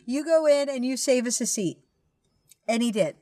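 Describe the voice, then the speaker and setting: A woman's voice: a little high, moderate pace, dry recording, studio quality. A woman co-hosting a casual movie chat, telling festival stories and acting out quotes. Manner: animated storyteller, acts out quotes. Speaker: podcast co-host.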